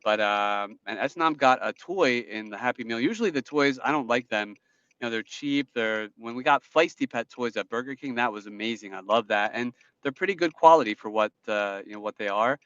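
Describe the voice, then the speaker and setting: A man's voice: mid-range voice, brisk, a bit bright, dry recording. A man with a New Jersey accent chatting casually on a live stream while he drives, rambling as he answers viewer comments. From New Jersey, USA. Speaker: livestream host. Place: inside a car while driving. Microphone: phone in a dashboard stand. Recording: dull lo-fi phone audio in a dry car.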